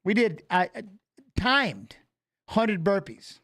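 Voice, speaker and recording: A man in his forties with a notably high-pitched voice hosts a casual livestream. He rambles in a loose, chatty way and calls out to his viewers by name. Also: very animated, slow pace, a bit bright. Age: 40s. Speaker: livestream host.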